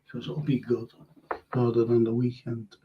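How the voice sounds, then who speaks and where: A Liverpool radio host, an older man with a Scouse accent, reads listener comments in a medium-pitched voice that's completely flat, at a moderate pace. Noise sits in the background of the dull lo-fi stream, and his talk rambles casually with many fillers and restarts.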